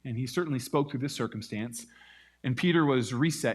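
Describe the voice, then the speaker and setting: A man preaching a sermon, telling a Bible story with lively acted-out quotes. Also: mid-range voice, quick pace, husky. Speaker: pastor.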